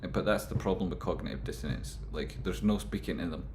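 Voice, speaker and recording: A man rambling through casual stock market commentary, with animated, exasperated rants. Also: low voice, fairly quick, reverberant, slight background noise.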